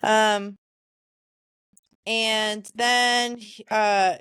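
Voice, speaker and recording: A woman's voice: medium pitch, flat delivery, fairly bright tone, clear, resonant tone, dry recording. Woman recapping a book, dry close sound. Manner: retells scenes fast with "and he's like". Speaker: podcast co-host. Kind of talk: casual book-club chat.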